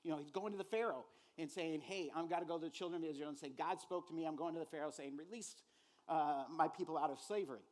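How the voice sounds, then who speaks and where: A man preaching a sermon as pastor, animated and conversational, acting out quoted voices and using many fillers. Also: fairly high pitch, fast.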